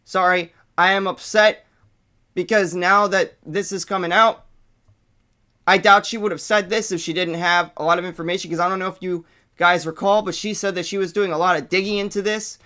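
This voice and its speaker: A man hosting his own channel, ranting in an excitable, profane way that swings between hype and anger. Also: high voice, brisk, smooth. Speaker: channel host. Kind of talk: casual vlog rant.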